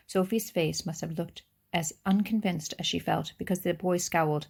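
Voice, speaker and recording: Low, gravelly woman reading a story aloud. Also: fairly even intonation, normal speed, few pauses, a little mellow. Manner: unpolished reading with small slips and restarts. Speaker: reader. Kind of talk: reading a children's novel aloud.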